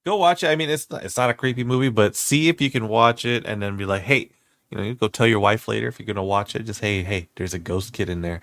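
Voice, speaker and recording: A man's voice: mid-range voice, fast talker, hardly any pauses, fairly bright tone, dry recording. A man in his thirties chatting casually as a co-host, telling stories animatedly with a lot of swearing and laughter. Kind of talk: casual chat.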